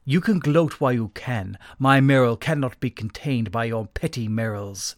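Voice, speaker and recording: A man's voice: medium pitch, normal speed, no echo, studio quality, close to an everyday voice. A man reading a comic story aloud and voicing a pompous male being who declaims grand threats. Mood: threatening.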